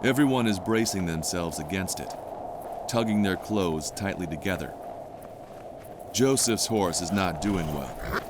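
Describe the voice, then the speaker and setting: A man reads the narration of an audio drama in a measured, descriptive way. His voice sits very low. A faint noise runs underneath it.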